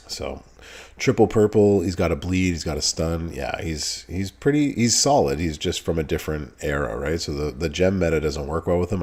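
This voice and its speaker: A man with a deep, low-pitched voice hosts a relaxed live stream. He chats casually, greets viewers one by one, and laughs easily between remarks. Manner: laid-back, greets chat viewers by name, laughs often. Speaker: streamer host.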